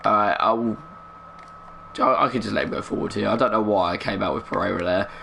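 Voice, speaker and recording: A young man giving live commentary while playing a football video game, keeping his voice down, chatty and muttering with bursts of excitement. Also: fairly low pitch, fast, gravelly, slight background noise. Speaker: gaming streamer.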